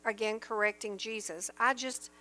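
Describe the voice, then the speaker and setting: A woman's voice: a little high, fairly even intonation, moderate pace, bright, forceful tone. A woman teaching from the Bible in an earnest, emphatic sermon style, reading verses aloud and explaining them.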